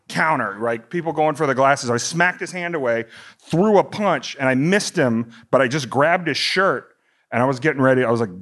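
This is a middle-aged stand-up comedian from the U.S. delivering a long, animated story that rambles. Whenever he gets worked up, his pitch climbs high.

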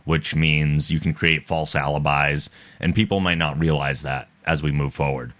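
A man's voice: very deep voice, steady tone, normal speed, fairly bright tone. A man hosting a podcast, answering with dry, wry remarks in casual chat. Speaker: podcast host.

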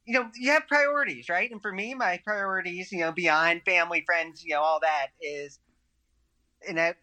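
A man guesting on a casual podcast chat, rambling in a relaxed way. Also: high voice, moderate pace. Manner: rambling, many fillers and restarts, relaxed. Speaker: podcast guest, tennis writer.

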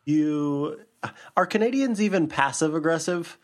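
A man's voice: fairly high pitch, animated, measured pace. A man co-hosting a podcast in casual chat, joking and laughing often. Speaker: podcast co-host.

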